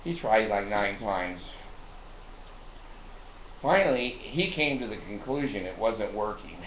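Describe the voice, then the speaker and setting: A man's voice: on the low side, expressive, measured pace. A man telling a rambling, profane story as a rant, laughing between lines. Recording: roomy lo-fi recording with faint noise.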